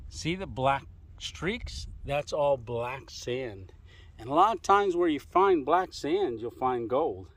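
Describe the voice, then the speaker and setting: A man's voice: mid-range voice, lively intonation, takes it slowly, a bit bright. A man talking to his camera while hiking outdoors in desert hills, chatty and laughing often. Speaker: travel vlogger. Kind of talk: casual vlog commentary while hiking.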